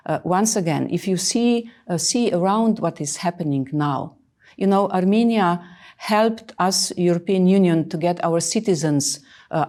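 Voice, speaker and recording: A woman in her sixties answering interview questions earnestly, emphatic and often pausing with fillers. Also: fairly low pitch, warm tone. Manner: emphatic, hesitant with many fillers. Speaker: interviewed official.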